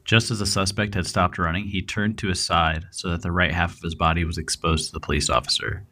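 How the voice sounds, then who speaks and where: Low bright-voiced male true crime host. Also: a little fast. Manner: relaxed, thinking aloud with fillers. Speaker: podcast co-host. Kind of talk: true crime narration and chat.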